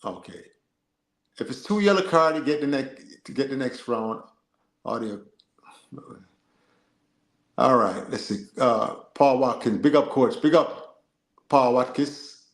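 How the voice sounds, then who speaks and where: A man co-hosting a football live stream, reading and answering chat in an animated, joking way. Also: mid-range voice, unhurried, pauses often, roomy sound. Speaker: livestream co-host.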